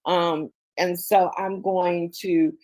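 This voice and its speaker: A woman's voice: on the low side, flat delivery, slow, a little mellow. Encouraging woman leading a team call. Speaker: team leader hosting a company call. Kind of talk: motivational online team meeting. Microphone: video call.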